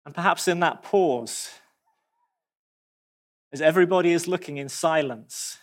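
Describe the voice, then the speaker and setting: A man preaching a sermon, expressive, with dramatic pauses and animated asides. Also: fairly high pitch.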